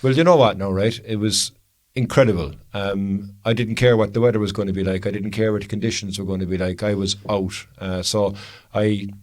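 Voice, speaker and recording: A man's voice: lowish voice, fairly even intonation, fairly quick. An Irish man co-hosting a photography podcast, telling stories eagerly in casual chat. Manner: enthusiastic storyteller, says "man" and "you know".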